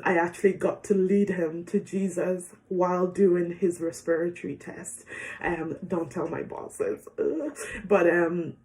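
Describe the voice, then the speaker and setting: Chatty young woman telling her story. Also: lowish voice. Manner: chatty, many fillers and soft laughs. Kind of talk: casual personal testimony.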